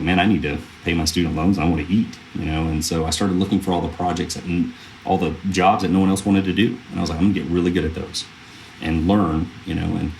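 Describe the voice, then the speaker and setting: Deep-voiced man telling earnest stories. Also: vocal fry, a little hiss or hum. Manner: earnest, rambling with many fillers and restarts. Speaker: film producer, podcast guest. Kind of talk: casual interview storytelling.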